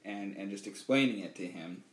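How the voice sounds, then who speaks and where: A man's voice: fairly low pitch, normal speed. A man chatting casually as a podcast co-host, speaking earnestly and leaning on "you know" as he talks about parenting. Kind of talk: casual chat. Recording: echoey room.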